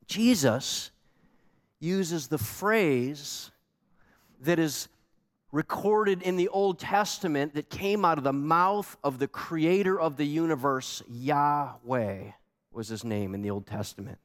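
A man preaching a sermon as a pastor, animated and emphatic, asking the congregation pointed questions. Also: on the high side, slow pace. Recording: long hall reverb.

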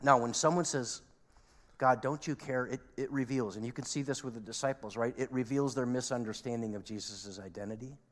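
Male pastor, mid-pitched, earnest sermon delivery, big hall reverb. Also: fairly quick, hardly any pauses. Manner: earnest, swings between emphatic peaks and quiet asides. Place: church sanctuary. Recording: long reverb of a large hall.

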